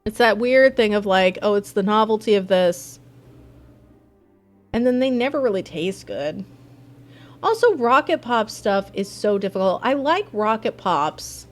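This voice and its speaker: A woman's voice: a little high, very animated, unhurried, faint music behind. A woman streaming a game live, chatting in a rambling, casual way. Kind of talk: live game playthrough chat.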